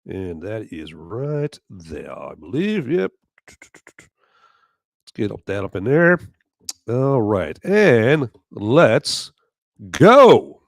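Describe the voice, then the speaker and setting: A man hosting a live podcast, talking in a hoarse voice in a rambling, jokey way. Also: on the low side, big pitch swings, drawn-out words, pauses often, no room sound. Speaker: podcast host. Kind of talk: live casual chat.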